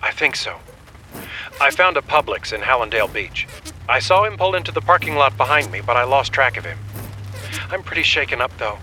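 A man's voice: mid-range voice, big pitch swings, a little fast, sharp tone, a little hiss or hum, low-quality recording. A man doing Carrie, a scared young woman. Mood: frightened. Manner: anxious, pleading.

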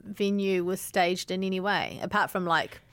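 A woman's voice: lowish voice, normal speed, smooth, no echo. Chatty New Zealand woman podcaster. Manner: animated, chatty, trails off and restarts. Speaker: podcast co-host. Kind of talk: casual chat.

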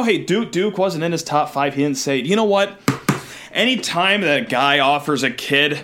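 A man co-hosting a sports podcast, excitable and out of breath, yelping and rambling with quick restarts. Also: fairly high pitch, slight background noise. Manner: excitable, yelps and shouts when hyped, rambling restarts. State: out of breath, overheated. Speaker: podcast co-host.

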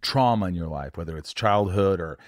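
Low-voiced man telling a frank story. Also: normal speed, no room sound, clean studio sound. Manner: frank and confessional, swears casually, stammers into restarts. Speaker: podcast host. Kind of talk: candid interview conversation.

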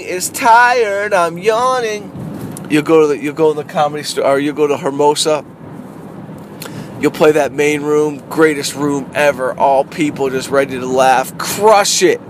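A middle-aged man, a comedian, talking casually in a car in a rambling, animated way that repeats phrases. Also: a little high. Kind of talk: casual car vlog monologue. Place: inside a parked car. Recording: noisy street ambience.

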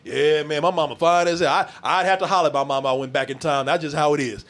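A man's voice: fairly high pitch, fairly even intonation, fast talker, fairly bright tone. A man hosting a casual podcast chat, a loose, profane storyteller who laughs often. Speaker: podcast host.

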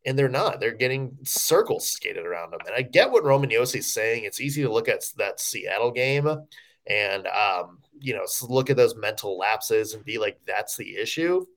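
A man co-hosting a sports podcast in casual chat, giving lively, joking analysis full of "you know" and "like". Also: lowish voice, normal speed. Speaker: podcast co-host.

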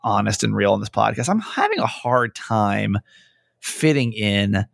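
A man's voice: fairly low pitch, measured pace, creaky, no room sound, clean studio sound. A young man who hosts radio and a podcast, telling stories in casual chat, acting out quotes and swearing often. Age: young adult. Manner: animated storytelling, acting out quotes, frequent swearing.

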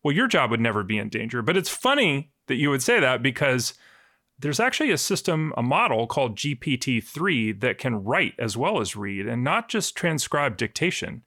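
Male reporter, gravelly voice, dry close sound, easy explanatory delivery. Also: medium pitch, moderate pace, no echo. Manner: relaxed, explanatory, joking. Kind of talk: conversational news podcast.

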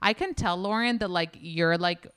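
A woman's voice: lowish voice, moderate pace, fairly bright tone, clean tone, dry recording. A woman chatting as a podcast guest, candid and profane, with lots of "like" fillers. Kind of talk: casual podcast chat.

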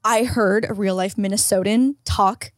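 Excitable, giggly woman podcast co-host. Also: mid-range voice, normal speed, no room sound, studio quality. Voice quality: giggly, excitable, swears casually. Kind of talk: casual chat.

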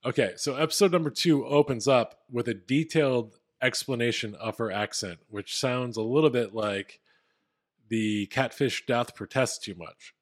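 A man's voice: medium pitch, moderate pace. A man co-hosting a podcast, explaining a story in a casual, wry way. He is from Philadelphia but has no heavy accent. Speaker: podcast co-host. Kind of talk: casual chat.

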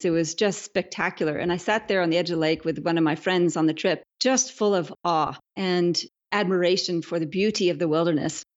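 A woman from Canada speaks as a podcast guest, enthusiastic and reflective. Her voice sits on the low side. It comes through a somewhat dull, lo-fi remote connection. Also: fairly quick, hardly any pauses.

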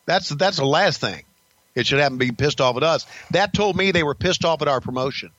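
A man's voice: a little high, lively intonation, a little fast, fairly bright tone, dry recording, highs cut off. An older man, a podcast host, telling stories about his career in a blunt, profane, rambling casual way. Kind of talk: casual storytelling.

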